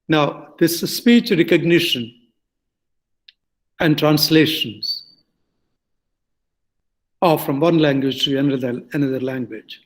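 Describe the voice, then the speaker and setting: An older man from India with an Indian English accent, giving a lecture-style talk with halting phrasing, many fillers and self-corrections. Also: a little high, poor audio. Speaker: guest speaker.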